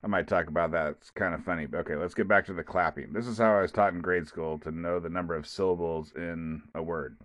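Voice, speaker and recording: A man's voice: deep voice, steady tone, quick pace, hardly any pauses, fairly bright tone, no echo. A man hosting his own podcast, talking alone in a rambling, casual way with many restarts and asides. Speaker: podcast host. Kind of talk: casual solo podcast monologue.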